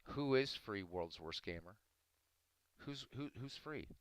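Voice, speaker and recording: A man's voice: on the low side, expressive, slow, clear, resonant tone, no room sound, rough recording. A man hosting a live stream, earnestly arguing his views and answering viewers in chat by name. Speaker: livestream host talking to chat. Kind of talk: casual live-stream commentary.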